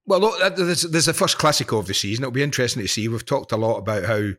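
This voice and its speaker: A man's voice: medium pitch, lively intonation, quick pace, fairly bright tone. A man co-hosting a football podcast, teasing and bantering in casual chat. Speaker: podcast co-host.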